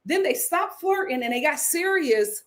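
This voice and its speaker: A woman vlogger recapping a reality show in a casual, animated, slangy way, with ums and sudden bursts of laughter. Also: high-pitched. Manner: animated, chatty, swings between sighs and bursts of laughter; drawn-out slangy storytelling with filler ums. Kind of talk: casual commentary vlog.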